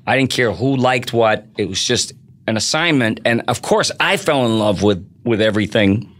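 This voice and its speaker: An older man chatting as a podcast guest, his bright voice lively and full of swings in pitch. He talks in an animated, jokey way. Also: moderate pace. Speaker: voice actor guest. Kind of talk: casual chat.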